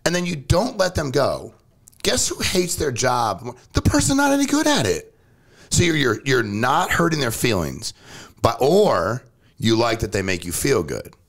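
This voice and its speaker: A man in casual conversation as a podcast guest, blunt and direct, telling stories and pushing his point hard. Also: a little slow. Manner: blunt, animated, jumps pitch for emphasis. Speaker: company CEO, podcast guest. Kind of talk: casual storytelling chat.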